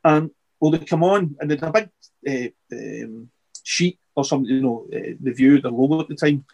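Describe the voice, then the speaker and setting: A middle-aged man, a podcast guest, chatting casually and rambling with halting restarts and repeated words. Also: medium pitch, creaky, a little mellow, husky. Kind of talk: casual interview chat.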